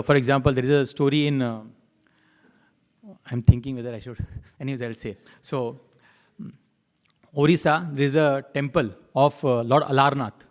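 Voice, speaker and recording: A man with a mid-range voice leads a devotional temple class, chanting verses and telling stories at an unhurried pace. He repeats his key lines as he goes.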